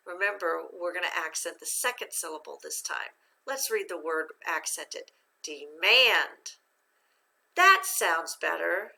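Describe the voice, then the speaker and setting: A woman's voice: medium pitch, vocal fry, sharp tone. A woman teaching a reading lesson on syllable division, speaking patiently, asking questions and praising the listener. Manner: slow, patient, encouraging, asks questions and praises. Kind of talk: phonics lesson.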